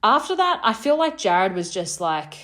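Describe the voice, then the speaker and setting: A woman co-hosting a chat, telling a wild story with laughs and acted-out shouts. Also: mid-range voice, moderate pace. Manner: lively, laughing, acts out her own shouts. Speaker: podcast co-host telling a story.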